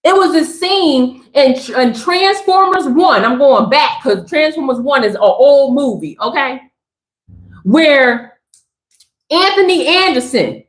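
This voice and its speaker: A woman giving a spiritual message on a live stream, talking in an animated, emphatic, slangy and preachy way. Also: high-pitched. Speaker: spiritual reader. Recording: roomy echo.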